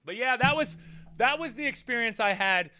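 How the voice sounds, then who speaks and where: A man with a high-pitched voice tells a personal story straight to the camera in a casual vlog. His tone is bright and a little sharp, full of swearing. He drops into low mutters, then climbs into loud, heated outbursts. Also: moderate pace. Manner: profane, animated, swings from mutters to near-shouting. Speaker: vlogger.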